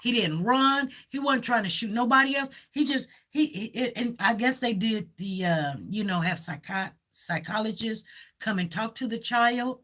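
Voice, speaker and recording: A woman's voice: fairly high pitch, normal speed, fairly bright tone. A woman hosting a casual livestream chat, rambling and repeating herself as she talks and reads out viewer comments. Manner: coaxes her dog with cooing repeats. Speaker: livestream host.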